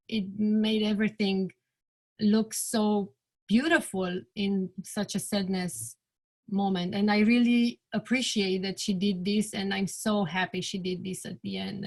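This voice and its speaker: A woman in her forties, a bereaved mother giving an earnest personal testimony. She often pauses, restarts, and lets her sentences trail off quietly. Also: medium pitch.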